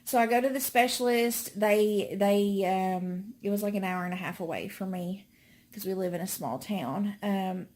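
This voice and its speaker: A woman's voice: medium pitch, moderate pace, darkish tone. Chatty pregnant woman vlogging. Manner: chatty, many fillers and restarts. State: out of breath. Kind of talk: casual pregnancy update.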